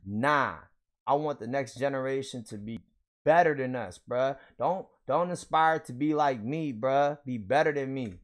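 A young man casually opening trading card packs for his viewers, hyped and slangy, laughing often. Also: mid-range voice. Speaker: card pack opener. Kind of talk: casual pack-opening vlog.

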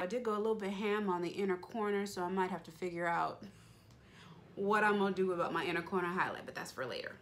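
A woman's voice: fairly low pitch, fairly quick, a bit bright. A young woman beauty vlogger chatting playfully as she narrates each step of her makeup routine. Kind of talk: casual makeup tutorial chat.

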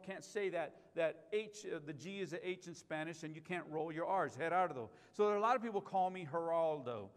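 A man's voice: high-pitched, a bit bright. A man preaching a sermon as pastor, emphatic, repeating key lines and asking the congregation questions. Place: church sanctuary. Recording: live stream with long hall reverb.

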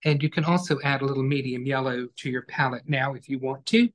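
A man teaching an online acrylic painting class, giving calm, step-by-step instructions as he works. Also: mid-range voice, quick pace.

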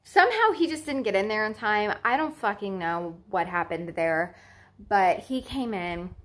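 A woman's voice: medium pitch, expressive, moderate pace, a bit bright. Woman in her twenties retelling a scary birth. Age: 20s. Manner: emotional, swears freely, anxious retelling. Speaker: vlogger. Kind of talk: casual storytelling.

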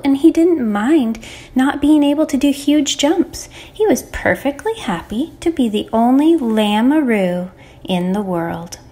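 A woman teacher reading a children's picture book aloud, expressive and animated. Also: a little high. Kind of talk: children's storybook read-aloud.

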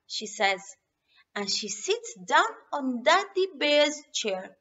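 A woman English teacher, reading a story aloud to children and talking to them in a slow, encouraging way. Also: high voice, sing-song, pushed and bright. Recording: dull lo-fi recording.

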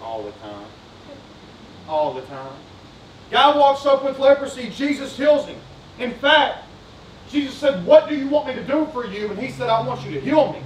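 A man's voice: very high-pitched, moderate pace, slight background noise. A male pastor preaching a sermon, fervent and repetitive, putting questions to his congregation. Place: church sanctuary. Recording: roomy sanctuary sound, distant mic.

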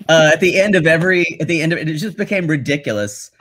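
A man who co-hosts a podcast as a guest, chatting casually with lively, laughing asides. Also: a little high, fast talker. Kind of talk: casual chat.

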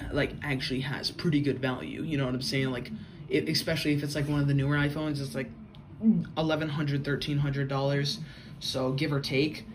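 A man's voice: fairly high pitch, a little hiss or hum. A young man telling a casual story-time vlog, rambling with many fillers and a loose, chatty way of talking. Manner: rambling, filler-heavy, says "bro". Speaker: vlogger.

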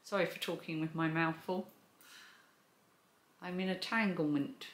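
A woman's voice: fairly low pitch, fairly even intonation, unhurried. A woman hosting a knitting and crochet vlog, chatting enthusiastically about her projects. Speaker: crochet and knitting channel host. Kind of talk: casual show-and-tell vlog. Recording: echoey room.

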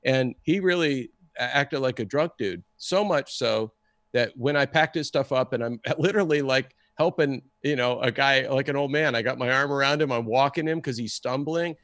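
An excitable man recounts a story in casual conversation. He talks at an ordinary middle pitch and slips into the voices of the people he quotes. The sound is dry and close, with no room echo. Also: moderate pace. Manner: animated, acts out the people he quotes. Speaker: guest storyteller.

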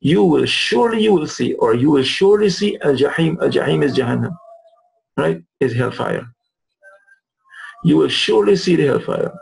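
A man's voice: fairly high pitch, lively intonation, moderate pace, creaky, a little mellow, breathy edge, low-quality recording. A man teaching Arabic words of the Quran, repeating and restating terms as he explains them. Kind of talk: recorded lesson explaining verses.

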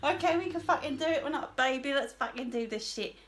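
A woman's voice: sits high, animated, fast, fairly bright tone. A young woman, commentating on a horror game, jumpy and swearing, with nervous laughs. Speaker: gamer. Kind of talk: casual gaming commentary.

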